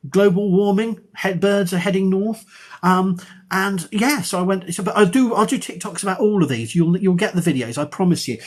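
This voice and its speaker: A middle-aged man, an archaeology professor, chatting on a live stream in a rambling, self-mocking and excitable way. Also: high-pitched, moderate pace. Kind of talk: casual live-stream chat.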